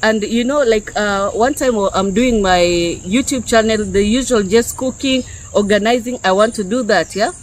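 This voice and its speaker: A woman's voice: mid-range voice, normal speed, few pauses, a little hiss or hum, rough recording. Woman preaching casually to her viewers. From Kenya. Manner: conversational, peppered with "yeah?" and "okay?". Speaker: YouTube preacher. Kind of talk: unscripted spiritual teaching to viewers.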